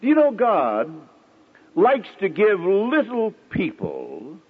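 A middle-aged man preaching a sermon with dramatic pauses, now and then acting out the voices of the people in his stories. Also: high-pitched, huge pitch swings, slightly rough, big-room sound, muffled recording.

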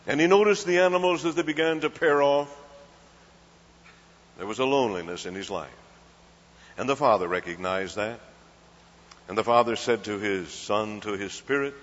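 A man's voice: medium pitch, fairly bright tone. A man preaching a folksy storytelling sermon, often asking the crowd questions and acting out small scenes. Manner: folksy, asks the crowd questions, acts out voices. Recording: dull lo-fi hall recording.

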